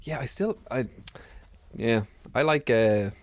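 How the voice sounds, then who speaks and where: A man's voice: mid-range voice, takes it slowly, no room sound. A man co-hosting a podcast, chatting casually with many fillers and reading out a listener's letter. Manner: chatty, lots of fillers and laughs. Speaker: podcast co-host.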